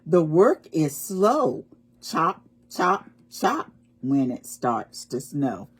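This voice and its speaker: A woman's voice: low-pitched, very animated, very slow, breathy edge, full character voice. A woman voicing a hardworking beaver building its lodge, in a children's picture book read-aloud. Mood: steady.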